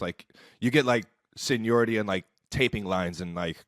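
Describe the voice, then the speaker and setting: A man from Ohio co-hosting a sports podcast in casual, playful chat, talking in an animated way with lots of "like" and casual swearing. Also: lowish voice, moderate pace, dry recording, clean studio sound. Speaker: podcast co-host.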